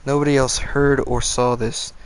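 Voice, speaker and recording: A man narrating a frightening tale in an offhand, conversational way. His voice sits at an ordinary middle pitch. He breaks off into side comments and bends his swearing into mild stand-ins. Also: level tone, moderate pace, smooth, low-quality recording. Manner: casual, swears with softened words, goes off on tangents. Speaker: storyteller reading scary stories. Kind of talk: casual narration of a scary story.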